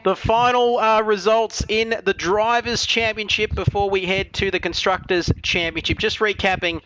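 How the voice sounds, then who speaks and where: A man's voice: high voice, steady tone, normal speed, fairly bright tone, slight background noise, rough recording. An Australian man calling a sim racing league, full of jokey, matey banter and with a voice worn out by the night. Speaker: lead commentator.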